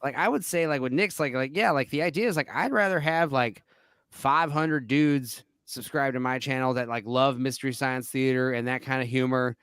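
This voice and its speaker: A man in his forties hosting a casual online chat, rambling with lots of fillers and bursts of excitement. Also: mid-range voice, moderate pace, clear, resonant tone, no room sound, studio quality. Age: 40s. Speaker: host.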